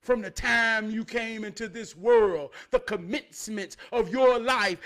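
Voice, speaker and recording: A man giving a preachy motivational monologue in street slang. He repeats phrases for effect and builds up to shouted, profane emphasis. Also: very high-pitched, slow, hardly any pauses. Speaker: motivational speaker.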